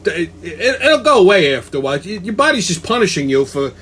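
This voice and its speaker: High-voiced profane ranting man. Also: very animated, quick pace, fairly bright tone, slightly rough. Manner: profane, emphatic, repeats words. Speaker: host. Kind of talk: comedic rant to camera.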